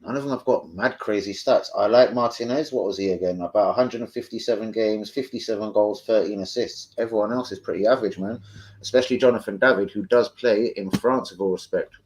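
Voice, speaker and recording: A man's voice: lowish voice, fairly quick, darkish tone. A man hosting a fan live stream, chatting casually, swearing freely and answering viewers off the cuff. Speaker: fan channel host.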